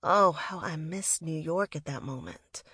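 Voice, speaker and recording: A woman's voice: low-pitched, unhurried, a bit bright, breathy edge, no room sound, studio quality. A woman reading a first-person story aloud in a reflective, wistful manner. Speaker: audiobook narrator. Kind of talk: first-person scripted narration.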